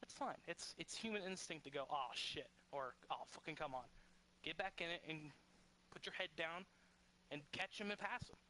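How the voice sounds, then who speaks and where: A man's voice: high voice, moderate pace, bright, forceful tone, slight background noise, rough recording. A man laying down the rules to league drivers in blunt, heated, swearing talk. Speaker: league official.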